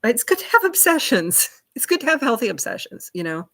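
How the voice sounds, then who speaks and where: A woman's voice: fairly high pitch, sing-song, fairly quick, a bit bright. A woman hosting a livestream, chatting in a rambling way and answering viewer comments. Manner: chatty and rambling, many fillers and asides. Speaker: livestream host.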